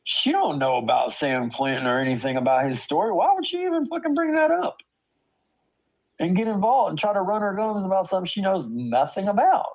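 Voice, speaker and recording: A brisk, expressive voice that sits high and is a little mellow belongs to an adult father on stream. He gives a heated, profane rant about online drama, stammering in disbelief, on a low-quality recording.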